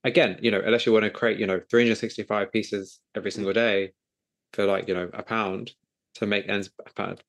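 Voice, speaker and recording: A man's voice: fairly low pitch, little pitch movement, a little fast, fairly bright tone. A man hosting an interview podcast, chatting casually in rambling, self-correcting runs. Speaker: podcast host.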